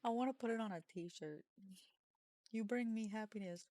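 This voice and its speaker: A woman's voice: on the high side, normal speed, warm tone, dry recording. A woman live-streaming a game from home, chatting casually, self-mocking and swearing freely.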